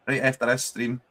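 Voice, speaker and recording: A man's voice: mid-range voice, bright, forceful tone. A young Scottish man hosts a live football watchalong. He talks casually to his chat in a mid-range voice, swears freely and breaks into laughter often. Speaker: streamer hosting a football watchalong.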